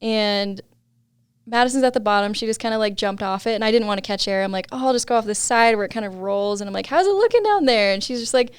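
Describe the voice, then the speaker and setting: A woman's voice: mid-range voice, fairly even intonation, fast talker, clean tone, dry recording. A young adult woman, a podcast guest, telling a story in casual chat, laughing often and saying "like" a lot.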